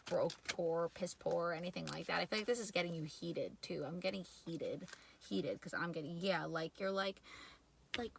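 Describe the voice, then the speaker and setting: A woman's voice: lowish voice, normal speed, vocal fry, noisy background. Chatty New York woman reading tarot. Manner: chatty, rambling, lots of "like" and laughs. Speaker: tarot reader.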